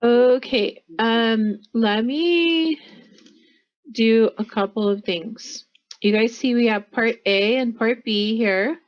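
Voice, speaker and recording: In a college classroom, an American woman patiently walks students through pronunciation, saying words again for them. She speaks slowly in a somewhat high voice, and the audio sounds muffled.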